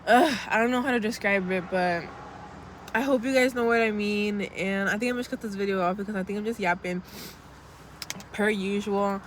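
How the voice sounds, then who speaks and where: Young woman, casual vlog pep talk, blunt, sweary, mid pitch, faint city noise. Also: fairly even intonation, moderate pace. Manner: chatty, blunt, sweary, calls viewers girl. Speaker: vlogger.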